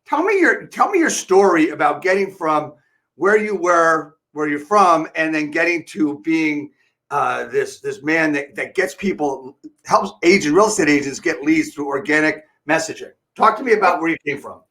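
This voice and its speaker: Rambling higher-voiced male host. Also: expressive, normal speed, pushed and bright. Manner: rambling, restarts questions often. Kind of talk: casual interview chat.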